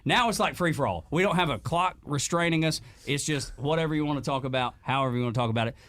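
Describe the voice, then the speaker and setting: A man's voice: a little high, quick pace, fairly bright tone. A man hosting a podcast interview in a studio, chatting casually and joking with laughs. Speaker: podcast host. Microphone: studio mic.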